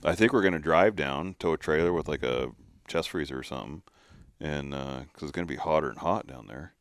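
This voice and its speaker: Deep-voiced man telling a lively story. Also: brisk, no room sound, studio quality. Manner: animated storyteller, acts out quotes. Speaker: podcast co-host. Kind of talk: casual storytelling chat.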